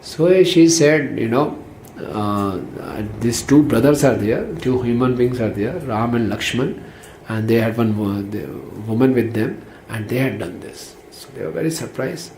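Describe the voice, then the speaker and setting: A man giving a devotional storytelling lecture in a relaxed, conversational way, peppered with "you know" and chuckles. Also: medium pitch, measured pace. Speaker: spiritual teacher. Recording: roomy echo, faint background noise.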